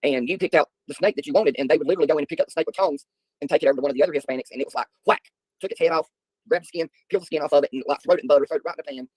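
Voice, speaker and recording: Fast-talking husky man. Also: fairly high pitch, dry recording, poor audio. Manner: rambling, folksy storytelling with filler ums. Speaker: livestream host. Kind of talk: casual chat answering viewers.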